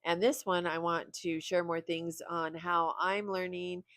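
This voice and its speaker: Middle-aged woman creator, tired, candid rambling vlog talk, lowish voice, dry close sound. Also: little pitch movement, a little slow, a bit bright, no echo. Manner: candid and rambling, with small laughs. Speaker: video creator. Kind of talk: casual vlog talk to camera.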